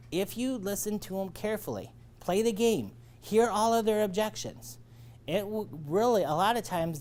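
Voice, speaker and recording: A man's voice: sits high, a little mellow. A man leading a sales training lecture, coaching and checking in often with his listeners. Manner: coaching, checks in with "all right?".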